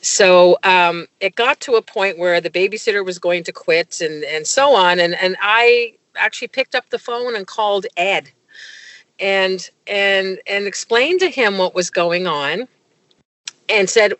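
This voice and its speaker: A woman's voice: mid-range voice, unhurried, fairly bright tone, no echo. A middle-aged woman, a guest in an interview, telling a personal story with many fillers and restarts. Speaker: guest, medical consultant.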